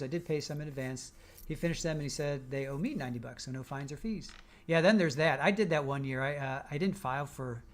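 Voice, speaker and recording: A man hosting a live stream, casually reading out viewer comments with teasing jokes and frequent laughs. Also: on the high side. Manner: joking, teasing, laughs often. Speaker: livestream host.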